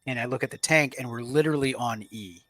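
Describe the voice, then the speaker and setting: A man's voice: medium pitch, fast talker, sharp tone, no echo. Earnest man in dry close recording. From Washington state, US. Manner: earnest, reflective, speaks directly to listeners. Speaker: podcast guest, Marine veteran. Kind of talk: casual interview storytelling.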